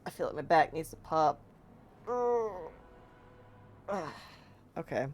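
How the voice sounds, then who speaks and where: A woman's voice: sits low, expressive, extremely slow, a little mellow, slight background noise. A young American woman streaming a game, chatting casually and rambling cheerfully, with lots of "like" and "you know.". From United States. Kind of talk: casual let's-play chat.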